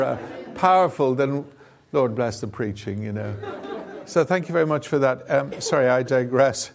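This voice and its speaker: This preacher has a gravelly, mid-range voice and leads a Bible teaching session. His informal sermon invites audience participation, and his delivery is conversational and digressive, sprinkled with fillers and asides.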